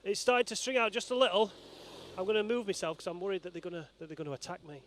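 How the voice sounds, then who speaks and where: A man's voice: high voice, steady tone, racing, dry recording. A cheeky, joking man presenting a vlog outdoors by a race course with a handheld mic, bantering with passers-by. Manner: cheeky, playful, banters and shouts to passing riders. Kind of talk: joking roadside vlog commentary. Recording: faint outdoor street noise.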